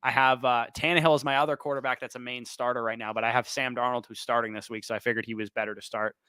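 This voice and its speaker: Bright, crisp man fielding rapid questions. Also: mid-range voice, little pitch movement, no room sound. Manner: quick, listing names then picking one. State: losing his voice. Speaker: fantasy football show host. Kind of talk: livestream Q&A, rapid-fire start/sit answers.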